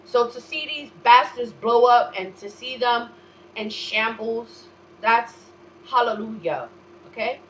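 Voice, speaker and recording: A woman hosting a solo talk show, ranting profanely in a heated manner that jumps from low muttering to outright shouting. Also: takes it slowly, muffled recording, a little hiss or hum.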